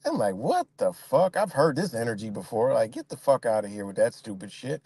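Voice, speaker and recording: A man hosting a casual livestream, ranting in a rambling, profane way and mimicking other people in high voices. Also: animated, fast, darkish tone, husky, no echo. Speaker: livestream host.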